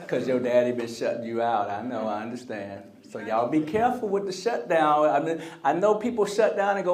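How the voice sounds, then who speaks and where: A man's voice: mid-range voice, brisk, hardly any pauses. A man giving a live motivational keynote speech in a convention center hall. He talks with energy and keeps prompting the crowd to answer him. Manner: energetic, call-and-response with the crowd; acts out quoted voices. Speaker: motivational speaker.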